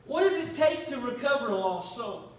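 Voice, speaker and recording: High-voiced preacher, echoey church. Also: male voice, very animated, normal speed. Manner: earnest, questioning, storytelling. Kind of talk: sermon. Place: church sanctuary. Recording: echoey church room, faint noise.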